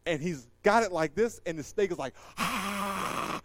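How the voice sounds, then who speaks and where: A man doing stand-up storytelling, animated and acting out the voices in his story while laughing at it himself. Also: on the high side, fairly quick, dry recording. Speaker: comedian.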